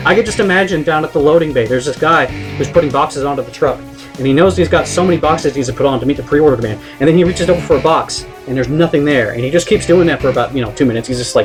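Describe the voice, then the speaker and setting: A man delivering a comedic rant on a vlog. He swears freely, trips over restarts and drives each point home in an exasperated, fairly high voice. Faint guitar music plays under him. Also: quick pace. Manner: exasperated, profane, rambling with many restarts. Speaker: vlogger.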